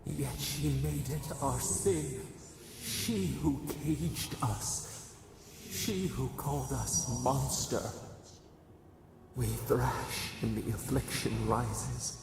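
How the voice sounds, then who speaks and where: Ancient caged deity, mournful, vengeful, unhurried; roomy reverb, score underneath. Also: male voice, mid-range voice, gravelly, exaggerated voice. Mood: sorrowful. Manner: slow, grave, speaks as "we". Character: ancient imprisoned godlike being, sorrowful and vengeful. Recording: game audio, reverberant, music behind.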